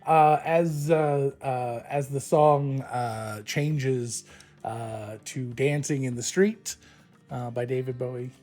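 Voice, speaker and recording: A man narrating as the game master of a live tabletop game, often pausing with fillers and restarting. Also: medium pitch, dark tone, faint music behind. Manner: halting, many fillers and restarts.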